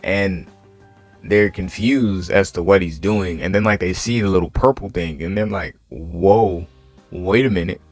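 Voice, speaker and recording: A man's voice: low voice, normal speed, dry recording. A young man casually retelling an anime what-if story, rambling with lots of fillers. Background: faint music.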